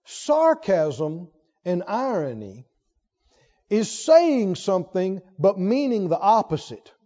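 A man's voice: sits high, very animated, takes it slowly, dark tone. A man preaching a sermon who puts rhetorical questions to his congregation. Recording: long hall reverb, dull lo-fi sound.

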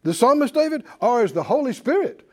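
Emphatic high-pitched preacher man. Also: very animated, a little fast. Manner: call-and-response preaching, emphatic repetition. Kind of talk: sermon. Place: church with congregation.

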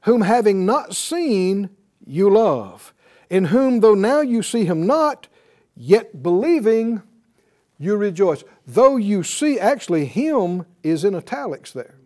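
Guy preaching a sermon, voice up high and bouncy, laughs at his own jokes. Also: slow pace. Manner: lively, laughing asides, quotes scripture, acts out little dialogues.

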